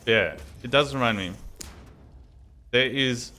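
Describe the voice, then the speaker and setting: A man's voice: medium pitch, takes it slowly, pushed and bright. An Australian man streaming a video game, rambling and swearing casually while he talks to himself as he plays. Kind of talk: casual gaming commentary.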